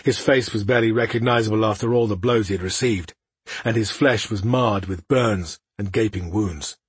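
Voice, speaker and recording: A man with a husky voice reading a fantasy audiobook in steady, measured narration. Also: fairly low pitch, no room sound.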